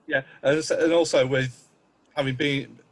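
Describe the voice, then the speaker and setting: A man in a panel discussion talks in a halting, restarting way as he shares his tips. His voice sits at an ordinary middle pitch. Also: fairly even intonation. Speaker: panelist, game master.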